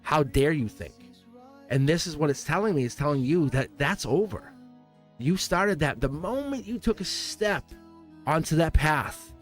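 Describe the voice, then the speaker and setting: A man's voice: a little high, lively intonation, moderate pace, soft background music. Effusive man reading tarot live. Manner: effusive and encouraging, laughs often, repeats phrases.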